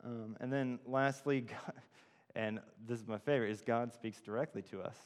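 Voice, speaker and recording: A man's voice: medium pitch, steady tone, normal speed. A man giving an informal sermon, telling a personal story with many fillers and restarts. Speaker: church speaker. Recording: long hall reverb.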